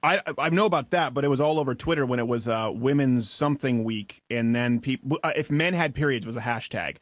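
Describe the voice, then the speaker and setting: A man talking as a guest in a casual interview, animated and blunt, acting out quotes as he goes. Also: medium pitch, fairly quick, no echo.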